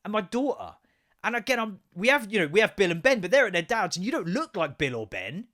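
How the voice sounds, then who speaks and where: He's a fast-talking podcast host with a high voice, delivering a story in an animated, casual rant full of swearing. Along the way he mimics the voices of people in his anecdotes.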